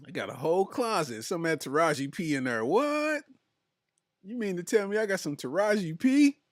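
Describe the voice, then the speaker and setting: A man's voice: high voice, expressive, normal speed, dry recording, studio quality. A man hosting a comedy podcast, reading his live chat aloud in loose, slangy talk and breaking into laughter often.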